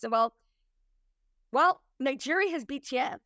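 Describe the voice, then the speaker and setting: A woman's voice: high voice, very animated, moderate pace, a bit bright, no echo, studio quality. A woman working as a compliance consultant, talking to an audience in an emphatic, conversational storytelling way. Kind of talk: presentation to an audience.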